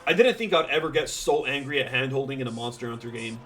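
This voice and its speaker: A man's voice: medium pitch, quick pace, fairly bright tone, faint music behind. Chatty male streamer, rambling asides. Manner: rambling, lots of "like" and "uh" fillers; dry sarcastic asides, laughs easily. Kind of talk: casual gameplay chat with viewers.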